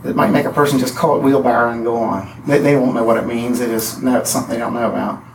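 A man's voice: mid-range voice, steady tone, noisy background. Man lecturing from afar in a roomy classroom. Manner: halting, many restarts and fillers, counts out rhythms. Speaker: poetry teacher. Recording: echoey room from far off.

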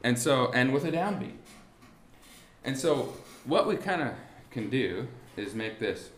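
Halting man teaching in an echoey room. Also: mid-range voice, very animated, a bit bright, slight background noise. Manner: halting, restarts, rhetorical questions to the class. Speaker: music teacher. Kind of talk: classroom lesson on beat patterns. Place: warm indoor classroom.

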